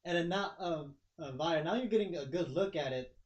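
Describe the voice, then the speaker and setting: A man's voice: a little high, moderate pace. A man narrating a home tabletop game as game master, rambling with many fillers and often laughing. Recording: dull home recording.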